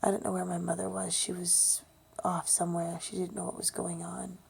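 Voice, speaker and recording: A woman telling a personal memory in a soft, often whispery voice, halting with ums and restarts. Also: fairly low pitch, completely flat delivery. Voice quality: breathy, gravelly. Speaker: storyteller sharing a personal memory. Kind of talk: personal storytelling monologue.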